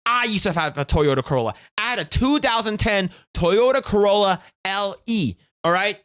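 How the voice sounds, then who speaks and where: A man's voice: high-pitched, lively intonation, moderate pace, fairly bright tone, clean tone. A young man streaming, giving casual reaction commentary in a profane, rambling way with many restarts.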